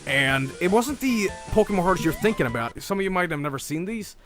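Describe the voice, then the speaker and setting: A young adult man telling an animated, profane story, laughing often and acting out quotes in high voices. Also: brisk, music in the background. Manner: profane and excitable. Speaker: streamer reacting to an animation.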